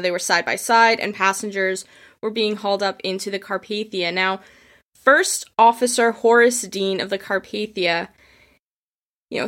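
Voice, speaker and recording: Casual, heartfelt history storytelling comes from a woman whose voice is medium in pitch and fairly bright. When she quotes people from the past, she slips into acting out their voices.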